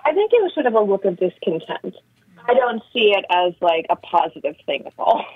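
A woman co-hosting a political talk radio show, giving steady, opinionated commentary. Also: mid-range voice, a little fast, slightly rough, dry recording, phone-quality sound. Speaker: radio co-host.

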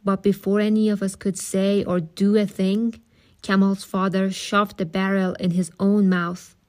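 A woman reading a novel aloud in a calm, steady, audiobook style, with occasional asides of her own. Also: medium pitch, a little slow.

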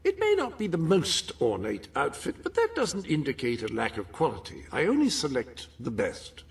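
An actor playing a fussy, formal male royal butler in a video game who speaks with prim, gentle disapproval. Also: a little high, huge pitch swings, normal speed. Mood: polite. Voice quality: raspy, gravelly. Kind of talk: game character dialogue.

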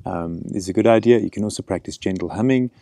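A middle-aged man teaching gentle breathing practice outdoors, speaking in a calm, encouraging way. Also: on the low side, fast talker, no room sound. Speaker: breathing coach. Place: outdoors in a canyon.

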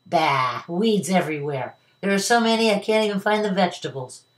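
A woman's voice: deep voice, animated, moderate pace. A woman voicing a hungry, grumpy old male wolf who growls and schemes. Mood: grumbling.

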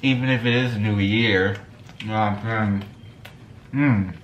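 A man's voice: on the low side, steady tone, measured pace, muffled recording, a little hiss or hum. Laid-back young man chatting while eating. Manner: laid-back slangy talk, full of "you know what I'm saying". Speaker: vlogger and musician. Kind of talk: casual mukbang chat while eating. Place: room at home. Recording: echoey room.

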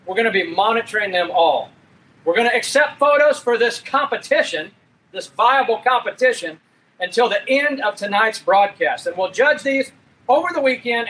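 A man with a high, bright, forward voice hosts a live stream. His talk is folksy and upbeat, the patter of a promoter who chats with guests and hypes a prize giveaway. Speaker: host. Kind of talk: live-stream show hosting and interviewing.

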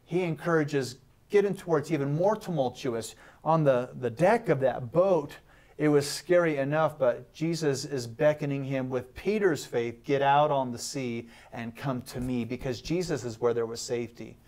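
A man giving a short, animated sermon as a guest, acting out the voices in the story with humor. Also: fairly high pitch, moderate pace. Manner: animated, acts out Bible voices and jokes. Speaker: guest pastor. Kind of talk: short sermon on a talk show.

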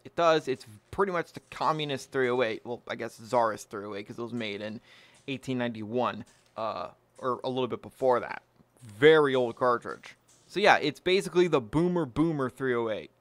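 Blunt and smug, this man hosts a firearms channel of his own and cusses liberally as he talks casually to the camera. His voice is medium-pitched and a bit bright, and the recording is dry.

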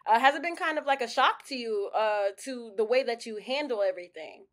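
A woman interviewer asks her questions in a loose, chatty way, often stopping and restarting mid-thought. Her voice runs high and swings widely in pitch. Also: animated, fairly quick. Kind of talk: casual interview.

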